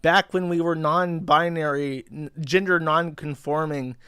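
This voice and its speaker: A man in his thirties talks through online posts on his stream, mocking them with sarcasm and swearing. His voice sits a little high for a man. The recording is dry and close, with no room sound. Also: fairly even intonation, unhurried, sharp tone, clean tone, no echo. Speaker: livestream host. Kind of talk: casual commentary reading posts aloud.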